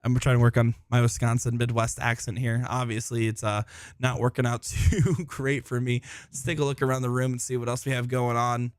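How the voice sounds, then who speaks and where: A man's voice: mid-range voice, little pitch movement, normal speed, smooth, studio quality. A man commenting live on a darts tournament from a busy hall, chatting and joking about himself. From Florida. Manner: chatty, joking, self-deprecating.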